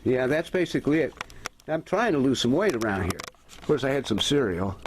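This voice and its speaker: A man hosting a casual home video, chatting to viewers as folks and talking softly to his cat, filmed on a camera held by his wife. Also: mid-range voice, sing-song, fairly quick, slight background noise. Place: at home, partly in sunlight.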